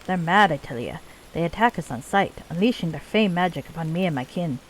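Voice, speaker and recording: A woman voicing a gruff male dwarf clan leader, weary of endless war, in a put-on Scottish accent. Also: on the low side, expressive, fairly quick, slight background noise, natural voice, poor audio. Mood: somber. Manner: gruff, archaic folksy dwarf speech. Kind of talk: reading game dialogue aloud.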